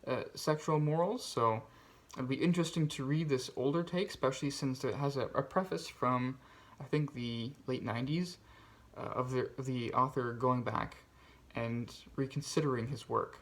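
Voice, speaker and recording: A man hosts a casual book video, chatting through his reading list. His voice sits in a middle pitch range. He rambles and restarts often, filling gaps with ums and uhs. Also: moderate pace. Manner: rambling, many fillers and restarts. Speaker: BookTube host.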